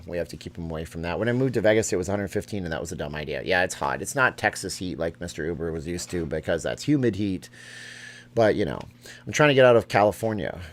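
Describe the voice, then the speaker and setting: Middle-aged guy rambling through viewer questions on a live stream, kinda low voice. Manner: chatty, reads viewer questions aloud and answers offhand. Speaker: live stream host answering chat. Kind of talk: casual live chat.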